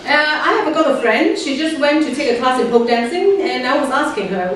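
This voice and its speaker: Performing stand-up at a comedy club, a Hong Kong woman with a high voice speaks expressively and fairly quickly, her dry punchlines punctuated by many fillers and hesitant pauses. It's captured on a faraway stage mic, sounding very echoey with background noise.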